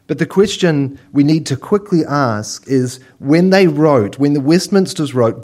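A man preaching a sermon as pastor, telling lively stories and acting out little scenes. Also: on the high side, unhurried, few pauses.

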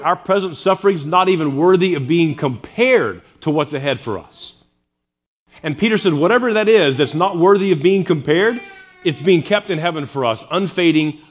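Earnest male preacher, slightly muffled recording. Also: a little high. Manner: earnest preaching with sarcastic asides. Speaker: pastor. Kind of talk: sermon.

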